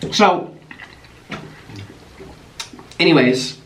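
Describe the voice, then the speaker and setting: A man vlogging as he eats, chatty and animated, breaking off with sudden gasps and exclamations. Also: fairly high pitch, extremely slow. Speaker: mukbang vlogger. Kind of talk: casual chat while eating. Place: echoey room at home. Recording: echoey room, voice from a distance, faint noise.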